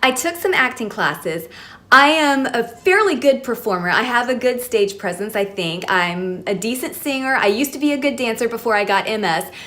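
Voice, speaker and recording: A woman's voice: fairly high pitch, animated, moderate pace, sharp tone. A woman chatting to her camera at home, giving a casual beauty product review in a chatty, self-deprecating way. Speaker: beauty vlogger. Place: at home filming herself. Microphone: camera mic, facing the lens.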